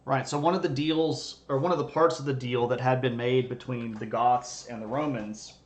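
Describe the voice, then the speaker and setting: Joking man giving a casual history lecture. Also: mid-range voice. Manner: jokey and conversational, bantering with chat. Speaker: history streamer. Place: streaming setup.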